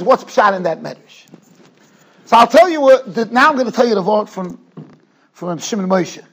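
A man, a rabbi, giving an animated Torah lecture in a yeshiva study hall, telling stories with quick asides. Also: sits high.

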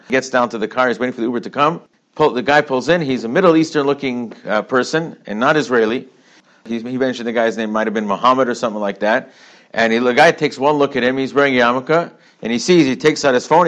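Rabbi guy giving a chill torah class, keeps repeating himself, drops in hebrew words, mid pitch. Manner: conversational, repeats words while searching, mixes in Hebrew and Yiddish terms. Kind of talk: informal Torah lecture. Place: yeshiva study hall.

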